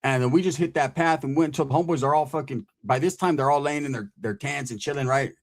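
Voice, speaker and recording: A man casually telling a scary camping story, animated and profane, full of street slang and a constant "right?". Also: mid-range voice, fast. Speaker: podcast host telling a story.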